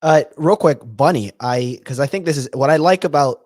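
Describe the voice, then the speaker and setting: A man hosting a casual podcast, quickly asking his co-hosts to weigh in. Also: on the high side, a little mellow, dry recording. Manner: quick, asks others to weigh in. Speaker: podcast host. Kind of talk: moderating casual chat.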